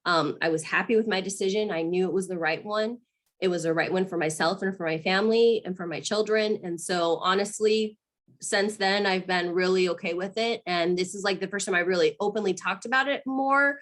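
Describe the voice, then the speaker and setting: A woman, a mother from Arizona in her thirties, talking candidly as an interview guest, earnest and emotional, with many restarts and frequent laughs. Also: medium pitch. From Arizona, USA.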